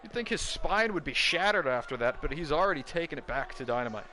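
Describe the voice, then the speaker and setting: A man commentating a wrestling video game play-by-play, excitable, breaking into shouts at big moves. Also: on the high side, fast, slight background noise.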